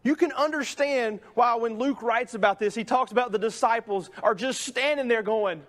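A man's voice: very high-pitched, moderate pace, fairly bright tone. A man pastor preaching a sermon in a conversational way, often tagging sentences with "right?" and acting out the voices of people in the story. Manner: conversational preaching, many "right?" tags, acts out quoted voices. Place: church sanctuary.

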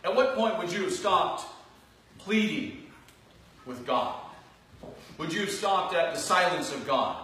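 A male pastor preaching a sermon in a church, earnest, rising into loud emphatic phrases and dropping to soft asides. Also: high-pitched, unhurried. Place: church sanctuary. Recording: distant, very echoey church hall recording with faint noise.

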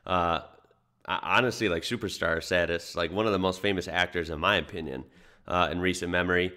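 A young man from the United States talks over a clip he is reacting to. His voice sits very low. His delivery is relaxed and rambling, with fillers and the odd chuckle. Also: a little fast. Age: young adult. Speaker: reaction video host. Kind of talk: casual reaction commentary.

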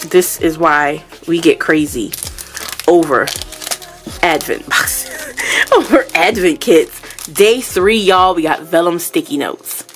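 A woman vlogger unboxing products, gushing and exclaiming as she chats casually to her viewers at home. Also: lowish voice. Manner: gushing, exclamatory, keeps addressing viewers as y'all.

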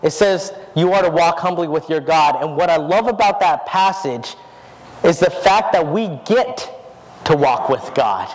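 A man's voice: a little high, expressive, a little slow, big-room sound, rough recording. A man preaching a sermon in a church, earnest, with many rhetorical questions. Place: church sanctuary.

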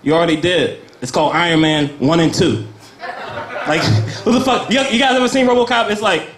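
A young American man working an open-mic stand-up set, his voice sitting high as he rambles from bit to bit. He laughs at his own jokes. His voice carries around an echoey little cafe room. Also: fairly quick, crowd noise. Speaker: stand-up comedian. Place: small cafe comedy night.

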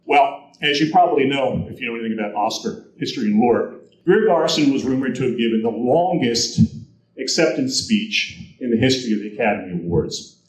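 A man's voice: mid-range voice, a little fast. Man telling stories in a roomy hall. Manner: animated storyteller, acts out quotes. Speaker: guest speaker. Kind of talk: convention presentation, anecdotal storytelling. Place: convention hall. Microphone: handheld recorder in audience. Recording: roomy hall audience recording.

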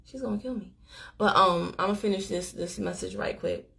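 A woman hosting a live stream, chatting straight to her viewers as she tells a story in an animated, casual way. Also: mid-range voice, brisk, creaky. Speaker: livestream host. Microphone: phone or webcam on a live stream.

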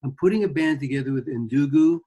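A man's voice: a little high, a little fast, dark tone, husky. A man guest on an interview, telling rambling anecdotes about his music career and acting out quotes. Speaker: guest guitarist. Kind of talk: casual storytelling interview.

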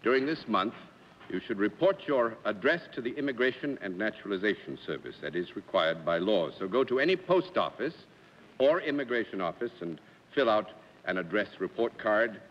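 A man's voice: on the low side, very animated, moderate pace, a little hiss or hum. Genial man hosting a 1950s game show. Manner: genial, laughing often. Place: TV studio before a live audience. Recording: lo-fi 1950s broadcast, long hall reverb.

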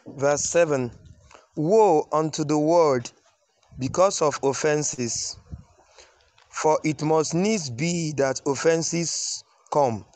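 Slow, measured male scripture reader. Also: on the high side, a little mellow, no echo. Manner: slow, measured reading with affirming murmurs.

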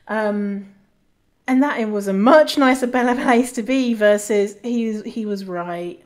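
A woman's voice: medium pitch, a little slow, a little mellow. A woman hosting a solo podcast, talking casually and candidly, swearing freely and restarting her sentences often. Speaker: podcast host.

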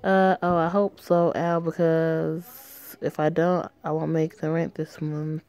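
A woman's voice: deep voice, little pitch movement, slow pace, a little mellow, clean tone. A woman voicing a nervous young female job applicant who talks in a flustered, self-doubting way.

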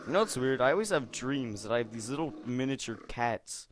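A young man giving silly, rambling commentary on a game, jumping from mumbles to squealing shouts. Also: medium pitch, animated, fairly quick, few pauses, faint music behind. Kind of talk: goofy gameplay commentary.

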